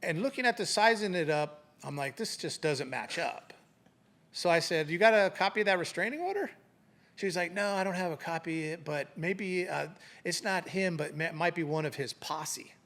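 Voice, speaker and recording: A middle-aged man with a gravelly, somewhat high voice recounts an old work story in a relaxed interview. He slips into the voices of the people involved as he goes, and his delivery is animated and conversational. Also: normal speed. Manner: animated anecdote telling, acting out quoted voices. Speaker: retired police sergeant, guest.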